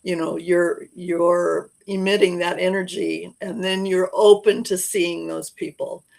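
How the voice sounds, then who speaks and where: A podcast host at a middle pitch with a gravelly, fry-laden edge interviews a guest. The talk is casual and encouraging, filled with soft affirmations, and the questions wander a little before they land. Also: level tone, unhurried, poor audio.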